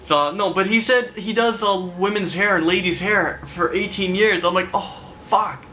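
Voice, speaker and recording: High, bright-voiced man ranting angrily. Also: moderate pace, a little hiss or hum. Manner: angry, profane, rambling rant. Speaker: vlogger. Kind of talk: ranting storytelling to camera.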